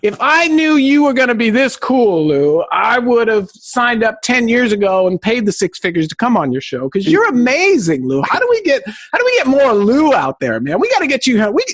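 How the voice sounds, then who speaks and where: A man from Southern California, a podcast guest who tells stories in an excitable, high-energy way. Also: moderate pace, hardly any pauses, no room sound. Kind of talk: enthusiastic podcast conversation.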